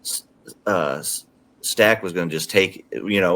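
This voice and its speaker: A man's voice: deep voice, slow, long pauses, fairly bright tone. A man co-hosting a podcast, rambling casually about a film with restarts. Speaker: podcast co-host. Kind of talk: casual movie review chat.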